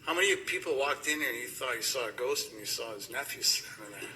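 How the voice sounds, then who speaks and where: Bright-voiced man giving a eulogy. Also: mid-range voice, lively intonation, fast talker, a little hiss or hum, rough recording. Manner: rambling and emotional, laughing through stories. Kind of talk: funeral eulogy. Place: funeral gathering indoors.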